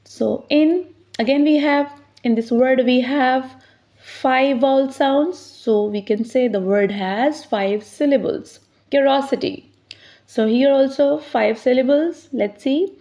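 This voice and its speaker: Slow, patient woman teaching pronunciation. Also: high-pitched, dark tone. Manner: slows down to sound out words clearly. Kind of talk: slow, deliberate teaching explanation. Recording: slightly dull, lo-fi sound.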